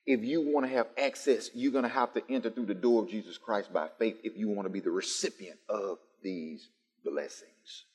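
A man's voice: fairly low pitch, normal speed, a little mellow. A man preaching a sermon to a live congregation, building through emphatic repetition. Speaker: pastor. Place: church sanctuary, live-streamed. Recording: long church reverb.

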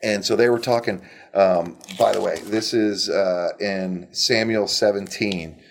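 A middle-aged man retelling Bible stories in an animated, conversational way, with frequent restarts. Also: on the low side, measured pace, slight background noise. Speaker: Bible teacher. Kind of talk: casual Bible storytelling.

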